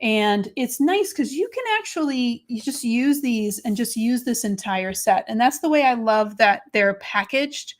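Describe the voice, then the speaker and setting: A chatty woman with a Boston accent runs a live crafting demo. Her voice sits a little high, and she greets her viewers one by one as she explains her tools. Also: expressive, unhurried, hardly any pauses. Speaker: crafting live-stream host.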